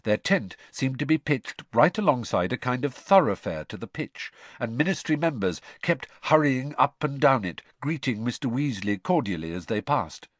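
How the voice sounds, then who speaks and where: A man reading a novel aloud as its narrator, his pitch moving lively and expressively through each sentence. The recording sounds close and dry, with no room in it. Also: normal speed, hardly any pauses, no echo. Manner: expressive storytelling. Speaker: audiobook narrator. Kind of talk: scripted narration.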